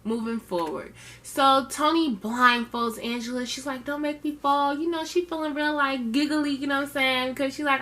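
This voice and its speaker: A woman's voice: high-pitched, moderate pace, fairly bright tone. A woman casually recapping a reality show episode in a chatty, sassy way, with slangy asides.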